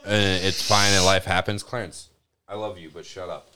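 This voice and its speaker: A man's voice: low voice, fairly even intonation, normal speed, heavy background noise. A man co-hosting a casual podcast chat, talking bluntly and emphatically with heavy swearing.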